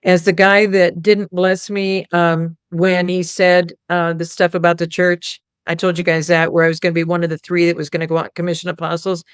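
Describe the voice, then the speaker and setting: Lady rambling through a faith story to her group, smooth lowish voice, dead dry sound. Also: level tone, a little fast, few pauses, no echo. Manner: rambling storytelling, quoting God and others. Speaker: host. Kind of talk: casual spiritual talk to a small group.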